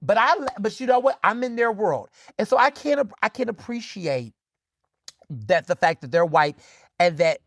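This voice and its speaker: A man hosting his own podcast, talking in a casual, sassy and animated way and speaking straight to his listeners. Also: fairly high pitch, dry recording, clean studio sound. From Philadelphia, USA. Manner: animated, sassy, conversational, addresses listeners as "y'all". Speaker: podcast host. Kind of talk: casual solo commentary.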